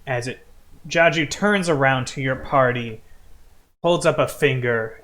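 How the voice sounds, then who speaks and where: A man narrating a tabletop game as its game master, in a slow, unhurried way. His voice is bright and forceful, with an easy, rambling delivery full of "uh" and "like.". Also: mid-range voice.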